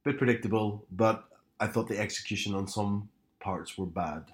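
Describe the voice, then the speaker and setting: A man's voice: lowish voice, moderate pace. Hungover young man chatting. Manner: laughs often, easygoing. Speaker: podcast co-host. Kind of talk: casual chat.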